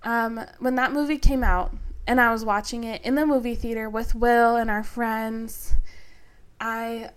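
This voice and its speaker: A woman's voice: fairly high pitch, fairly even intonation, a little slow, smooth. A young woman vlogger chatting loosely about books, rambling with lots of fillers and asides. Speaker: book vlogger. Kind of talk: casual book tag chat.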